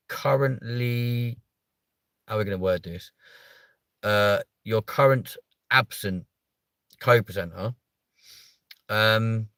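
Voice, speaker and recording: A man's voice: medium pitch, a bit bright, dry recording. A British man in his thirties hosting a livestream, chatting casually with viewers and reading their comments, playful and mock-offended, swearing casually. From United Kingdom. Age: 30s. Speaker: livestream host.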